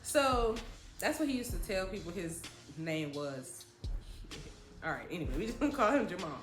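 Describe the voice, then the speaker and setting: Over music in an echoey room, a young New Jersey woman with a lowish voice and big pitch swings tells a story at a moderate pace. As a storytime vlogger, she's dramatic and slangy, chatting directly to viewers.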